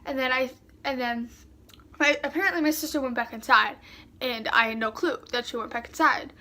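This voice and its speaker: A young woman vlogger with a high, bright, ringing voice tells a casual storytime. She rambles and piles fillers into every sentence as the story tumbles out. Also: fairly even intonation, brisk. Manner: rambling, filler-heavy retelling with many "like"s.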